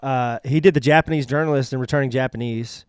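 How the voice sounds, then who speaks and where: A man co-hosting a podcast in casual chat, hesitant and full of pauses as he shares trivia. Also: mid-range voice, fairly even intonation, clean tone, no room sound, studio quality. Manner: hesitant, many fillers and restarts. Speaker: podcast co-host.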